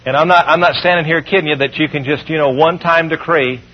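A fairly high, husky male preacher delivers a call-and-response sermon. He slows down and rises when reading scripture. The sound is dull and lo-fi, like an old radio broadcast. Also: fairly even intonation.

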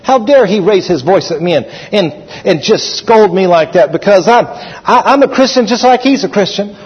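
A man's voice: high voice, measured pace, voice pushed up. A man voicing a humble, self-doubting Filipino man who turns indignant. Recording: echoey hall, dull sound.

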